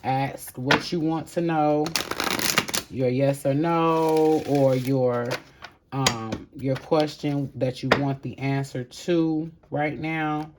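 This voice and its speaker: A woman's voice: rumbling low, steady tone, takes it slowly, heavy background noise. Heartfelt woman giving a casual tarot reading. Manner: heartfelt, spiritual, rambling with fillers; encouraging, addresses viewers directly. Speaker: tarot reader.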